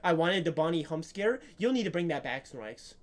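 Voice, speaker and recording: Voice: mid-range voice, big pitch swings, brisk. A streamer giving playful, jokey gameplay commentary while talking to viewers. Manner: playful, jokey, talks to chat.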